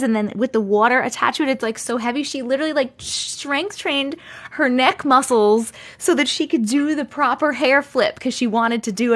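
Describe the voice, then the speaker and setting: A woman with a Long Island accent, chatting casually on a livestream and reading viewer comments, talking in a chatty, animated way full of giggles. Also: high voice. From Long Island, New York. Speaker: livestream host.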